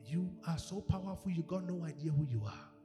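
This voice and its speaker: Animated high-voiced preacher in an echoey hall. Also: male voice, a little fast. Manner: animated, acts out quoted voices, swings from shouting to hushed. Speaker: pastor. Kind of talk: sermon. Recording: echoey hall with music behind.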